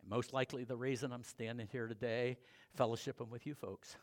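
With a medium pitch, steady tone, and slightly fast pace, a man preaches and tells his testimony, moving between forceful, loud preaching and soft confessional storytelling.

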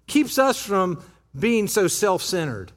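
A man preaching a sermon as pastor in a church, conversational and animated, acting out little quotes as he goes. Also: sits high, takes it slowly. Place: church sanctuary.

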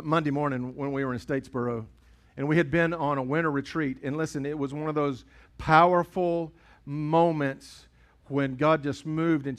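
A middle-aged man, a pastor preaching a sermon in a chatty storytelling way. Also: fairly high pitch. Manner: storytelling, conversational preaching with acted dialogue.

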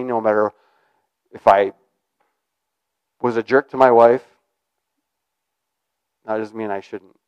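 Conversational male preacher, smooth dry voice. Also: mid-range voice, darkish tone, dry recording, low-quality recording. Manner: conversational, rambling with restarts. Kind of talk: informal sermon.

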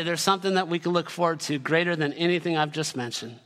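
A man in his forties, a pastor preaching a sermon with energetic, emphatic delivery that builds into shouted lists. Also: a little high, quick pace, few pauses, long reverb tail.

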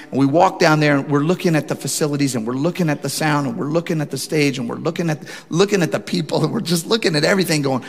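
A man in his forties preaching a sermon as a pastor, telling a personal story and building to emphatic, animated preaching. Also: medium pitch. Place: church sanctuary. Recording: long church hall reverb.

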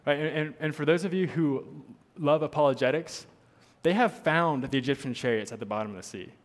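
A man's voice: fairly high pitch, a little fast. A man preaching a sermon as pastor, earnest, repeating his points for emphasis. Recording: long hall reverb.

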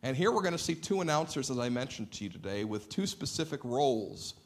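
A middle-aged man preaching a sermon in a church sanctuary, a lively and playful storyteller who acts out the dialogue in his anecdotes. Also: medium pitch, fast talker. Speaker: pastor.

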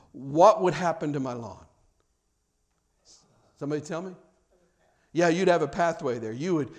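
High-voiced man preaching a sermon. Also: darkish tone. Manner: conversational preacher with frequent restarts, acting out scenes. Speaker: pastor.

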